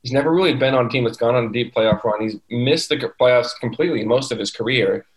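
A man's voice: mid-range voice, fast talker, rough recording. A man co-hosting a casual sports podcast, talking eagerly through the details with fillers. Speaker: podcast co-host.

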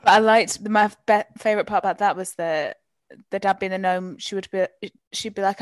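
A woman's voice: medium pitch, fairly even intonation, fast talker, no echo, clean studio sound. A woman in casual book chat, enthusiastic and casually sweary.

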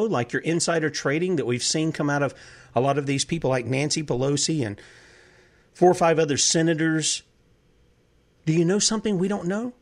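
A man hosting a talk show, delivering an impassioned political monologue full of heated rhetorical questions. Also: fairly high pitch. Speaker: host.

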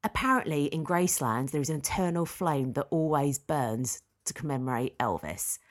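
A woman on a casual podcast, telling a long story with a voice that swoops up and down. She sits a little low for a woman and keeps the chat loose and animated. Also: normal speed. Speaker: podcast co-host.

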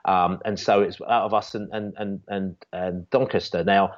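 Here the man's voice is low-pitched, with fairly even intonation at a normal speed. As a guest on a football fan channel, he chats casually through a long fan story, restarting and using fillers a lot. Sound quality is dull and lo-fi.

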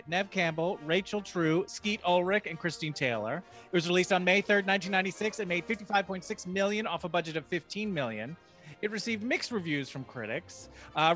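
A man with a high voice co-hosting a podcast and reading a rundown of facts in a brisk, even delivery. Faint music plays behind him. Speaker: podcast co-host. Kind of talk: casual chat and read summary.

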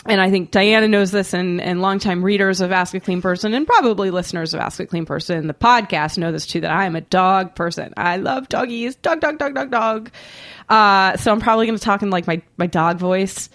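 A woman's voice: lowish voice, a little fast, hardly any pauses, a bit bright. A woman hosting a podcast with playful, teasing chatter. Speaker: podcast host. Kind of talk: casual podcast chat.

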